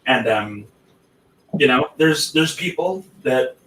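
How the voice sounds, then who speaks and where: A man's voice: mid-range voice, expressive, takes it slowly, fairly bright tone, a little hiss or hum. A man hosting a casual chat, blunt and prone to swearing as he circles through his points. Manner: blunt, swears freely, self-interrupting. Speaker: podcast host. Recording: roomy, distant mic with faint ambience.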